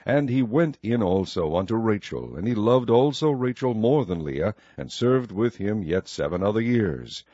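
A man reading scripture aloud in a measured, solemn cadence, with a husky voice, on a dull lo-fi recording. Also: on the low side, warm tone, no echo. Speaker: scripture reader. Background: faint music.

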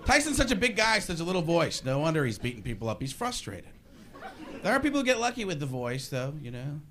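A man doing a stand-up comedy set, animated and bouncing between asides and impressions. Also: fairly high pitch, fast talker. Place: comedy stage before a live audience. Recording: live club recording with crowd and hiss.

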